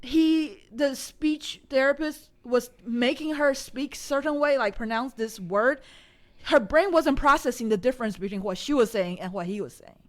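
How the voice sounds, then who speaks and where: A young woman with a high voice co-hosts a casual podcast at a moderate pace. She speaks hesitantly, pausing to hunt for the right words.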